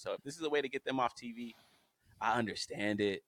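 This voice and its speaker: A man's voice: on the low side, steady tone, fast, a bit bright, dry recording. A man co-hosting a podcast in casual chat, emphatic and exasperated, firing off rhetorical questions. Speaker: podcast co-host.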